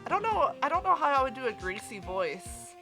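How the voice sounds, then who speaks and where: A woman's voice: high voice, very animated, fairly quick. A woman streaming a game playthrough, chatting hesitantly about voicing characters. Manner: hesitant, self-doubting, chatty. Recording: game music behind.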